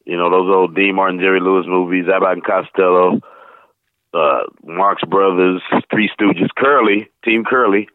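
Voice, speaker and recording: Deep-voiced man over a tinny phone line. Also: moderate pace, no room sound. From St. Louis, USA. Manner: rambling, animated anecdotes, slips into voices. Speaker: interview guest, voice actor. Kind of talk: casual storytelling interview.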